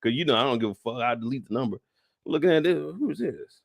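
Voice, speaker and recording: A young man hosting a casual live recap show, joking and profane, ranting with sudden high-pitched bursts of outrage. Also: very fast, dry recording, studio quality. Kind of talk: animated casual recap chat.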